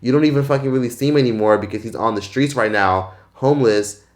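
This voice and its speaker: A Canadian man with a Canadian accent rants straight to camera in a casual vlog. His voice sits at an ordinary middle pitch, and he swears freely while talking in a blunt, animated way. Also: fast talker. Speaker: vlogger. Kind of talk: casual opinion rant.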